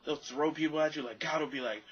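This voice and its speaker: A young man vlogging to camera in a rambling, self-deprecating way, mimicking other people in high voices. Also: fast talker, fairly bright tone, husky, muffled recording. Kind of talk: casual monologue to camera.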